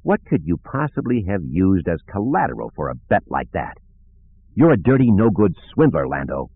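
Man doing Han Solo, a gruff snappish pilot. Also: big pitch swings, brisk, heavily acted. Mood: snappish, menacing. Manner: curt, snappish, low and threatening. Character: gruff hot-tempered male pilot, middle-aged. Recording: narrow phone-like sound.

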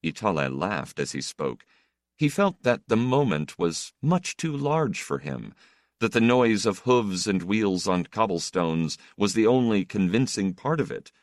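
A man with a lowish voice narrates an audiobook, giving a measured yet expressive reading. The studio sound is clean, with no echo.

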